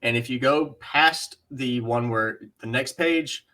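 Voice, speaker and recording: A man co-hosting a casual comic-book podcast, eager and quick, often repeating his words. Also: medium pitch, bright, forceful tone. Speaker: podcast co-host.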